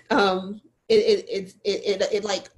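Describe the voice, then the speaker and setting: A woman talks in a candid, animated way as a guest, laughing often and circling back through her sentences. Her voice sits at an ordinary middle pitch for a woman. She keeps the flow personal and expressive. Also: takes it slowly, rough recording. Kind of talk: candid conversation.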